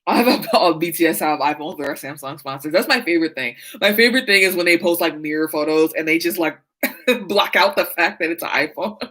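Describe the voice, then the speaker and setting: A woman's voice: deep voice, a little fast, fairly bright tone, poor audio. A woman talking casually and animatedly about music, laughing often and swearing freely. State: sleepy, yawning. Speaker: podcast host. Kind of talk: casual chat.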